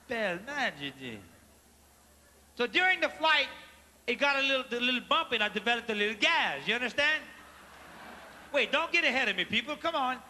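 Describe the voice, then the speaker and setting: A Cajun-accented stand-up comedian tells folksy, chatty stories from a theater stage and teases the audience, in a very high, sharp voice with big pitch swings, a fairly quick pace and long pauses. The live recording carries long hall reverb, faint noise and audience laughter.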